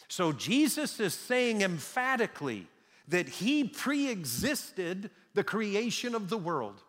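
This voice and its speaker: A male pastor preaches with slow, deliberate pacing and a lively, rising-and-falling delivery. His emphatic lines land in a large church sanctuary, where a long reverb trails every phrase. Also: high-pitched. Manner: emphatic, with dramatic slow pauses. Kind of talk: sermon.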